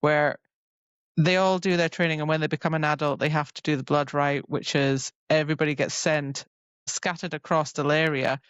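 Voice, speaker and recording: Chatting about a novel on a casual book-club podcast, a female co-host leans heavily on "like" as she recounts scenes. Her low-pitched voice is clear and resonant, steady in tone, at a moderate pace. The lo-fi recording sounds dull but has no echo.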